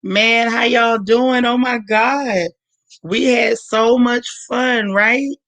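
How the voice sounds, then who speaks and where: A hoarse woman hosting a livestream in casual chat, warmly greeting viewers by name one after another. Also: on the high side, steady tone, slow pace, no echo, low-quality recording. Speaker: livestream host.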